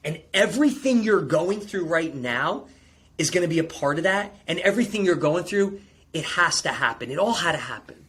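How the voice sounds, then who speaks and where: A man's voice: fairly high pitch, lively intonation, normal speed. A man who is a performance coach, telling a personal story with intense, rising emotion as a podcast guest. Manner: intense, rising to near-shouting peaks, calls listener bro.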